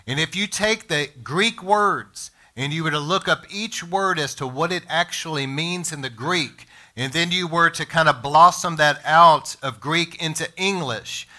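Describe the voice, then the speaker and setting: A man preaching a sermon as pastor, emphatic, slowing down to stress words and speaking straight to his congregation and listeners. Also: on the high side, sharp tone. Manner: addresses congregation and podcast listeners directly.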